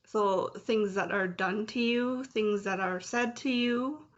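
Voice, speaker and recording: Speaking slowly with a medium-pitched voice, a vlogger in her late thirties opens up in a raw, confessional way, her emotion sometimes flaring into anger. The sound is dull and lo-fi.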